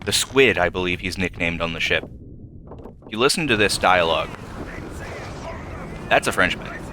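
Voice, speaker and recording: A young man doing let's play commentary, thinking aloud and hesitating, with sudden excited jumps. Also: sits low, moderate pace, noisy background. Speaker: gameplay commentator. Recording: faint game music behind.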